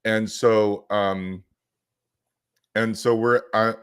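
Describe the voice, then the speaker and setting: Energetic low-voiced man telling a story. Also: drawn-out words, clean tone. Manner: energetic storyteller, acts out quotes. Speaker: podcast co-host. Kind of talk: casual chat.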